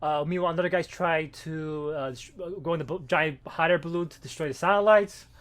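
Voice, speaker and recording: Man, podcast co-host, rapid rambling delivery, high-pitched. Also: a bit bright. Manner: rapid rambling recaps with profanity. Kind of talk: casual comic book discussion.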